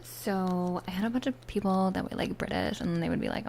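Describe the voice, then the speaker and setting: Young valley girl woman doing whispered role-play asmr, bit of vocal fry, says like a lot, faint hiss behind. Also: on the low side, wildly swooping pitch, fairly quick, hardly any pauses. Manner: chatty, many "like" fillers, drifts between whisper and soft voice. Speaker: ASMR streamer. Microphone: close ASMR mics.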